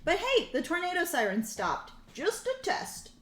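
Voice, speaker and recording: A woman's voice: very high-pitched, huge pitch swings, a little slow, a bit bright. A young woman streaming a casual language lesson, chatty and rambling, laughing often between points. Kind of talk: casual live-stream chat. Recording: roomy echo.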